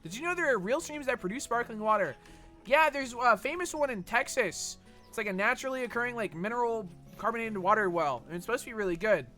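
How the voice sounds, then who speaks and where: A man's voice: very high-pitched, animated, fast talker, pushed and bright, soft background music. A young man streaming a game, chatting casually and reading chat with a rambling, sweary manner full of fillers.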